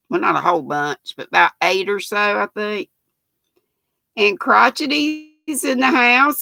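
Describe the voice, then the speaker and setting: A woman's voice: on the high side, gravelly, pushed and bright, dry recording. A woman in her sixties with a Southern American accent, hosting a casual livestream and chatting folksily as she reads viewer comments aloud. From North Carolina, US. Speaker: livestream host.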